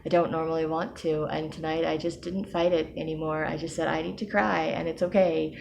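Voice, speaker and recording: A woman with a low-pitched voice talks in a personal vlog diary. She speaks softly and hesitantly, with many pauses and ums. She breaks into small laughs often as she goes. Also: little pitch movement, creaky, noisy background. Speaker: personal video diarist.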